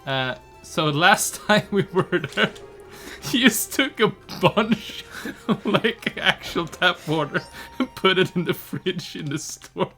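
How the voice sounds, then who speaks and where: Co-streamer, mid pitch, relaxed rambling, faint game music. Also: slow pace. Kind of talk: casual chat.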